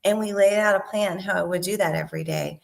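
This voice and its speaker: A middle-aged woman sales coach talking casually to her viewers, animated and emphatic, with frequent "right?" and "okay?" asides. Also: mid-range voice, fast, creaky. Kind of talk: casual talk to camera.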